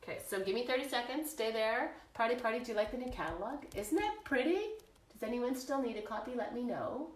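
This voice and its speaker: This crafting livestream host talks fast in a fairly high, expressive voice. She has a cold, and she comes across flustered and chatty with her viewers, sometimes moving away from the camera during the casual stream.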